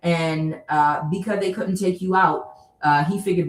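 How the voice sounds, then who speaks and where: A woman with a lowish voice delivers a casual tarot reading, blunt and full of cussing, and often slips into joking, worked-up rants. She sits some way back from the mic, and her voice rings around an echoey room. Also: a little slow, recorded from a distance. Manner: blunt, profane and joking, with sudden animated rants. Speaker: tarot reader.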